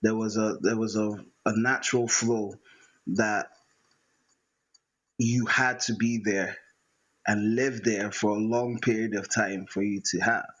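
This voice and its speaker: A man, a writer-musician talking reflectively in a conversation and pausing often with fillers. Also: fairly low pitch, steady tone, fairly bright tone, poor audio. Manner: hesitant, many fillers and restarts.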